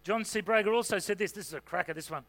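A man who is a senior pastor, preaching a sermon in a relaxed, conversational way with lots of "you know" fillers. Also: high voice, fast talker.

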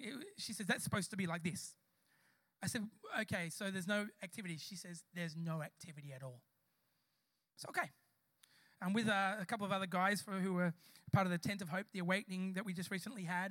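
A man's voice: high-pitched, a little fast, fairly bright tone, no echo. A man preaching a live church sermon, telling a story and speaking straight to the congregation with passion. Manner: impassioned, addresses the congregation directly. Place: church service before a congregation.

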